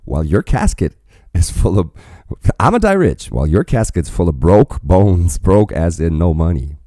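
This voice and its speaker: A man hosting a reaction video, talking in a rambling, profane, animated way about a song. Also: deep voice, moderate pace, no room sound, studio quality. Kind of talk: casual reaction commentary.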